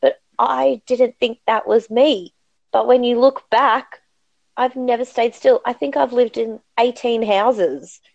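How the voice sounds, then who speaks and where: A woman's voice: a little high, fairly even intonation, takes it slowly, vocal fry, a little mellow, dry recording, highs cut off. A woman guest in a podcast interview, telling a personal story in an earnest, reflective and emphatic way.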